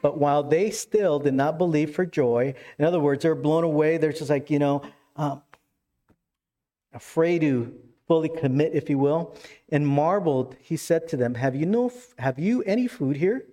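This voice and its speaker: A pastor preaching a sermon, animated and casual, rising with excitement as he retells scripture scenes. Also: normal speed. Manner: animated, rises in pitch when retelling scenes.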